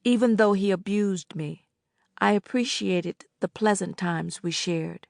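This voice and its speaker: A woman narrating an audiobook in the first person, in a measured, subdued way. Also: medium pitch, creaky, darkish tone, no echo, clean studio sound.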